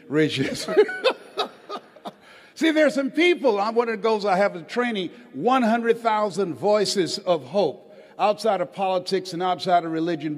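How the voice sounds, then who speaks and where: A man giving a rousing motivational speech on a stage, urging the audience to respond. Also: sits high. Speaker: motivational speaker. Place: stage before a live audience. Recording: long hall reverb.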